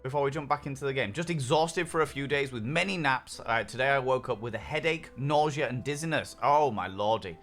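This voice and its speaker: A man's voice: mid-range voice, fairly quick, few pauses, a bit bright. A man streaming a game, chatting casually with viewers, upbeat and swearing freely. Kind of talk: casual chat while reading viewer messages. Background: faint lo-fi music.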